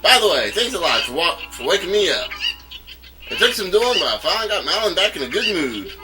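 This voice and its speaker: A man's voice: high-pitched, big pitch swings, fairly quick, voice pushed up. A man voicing a lazy, jovial middle-aged male ranch owner in a video game, with folksy country talk over game music.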